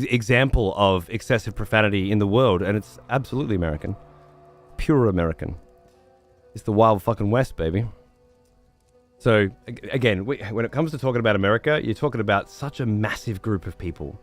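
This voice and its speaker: A man livestreaming, chatting to viewers in a rambling, profane way and repeating words as he thinks. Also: on the low side. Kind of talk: casual chat to stream viewers.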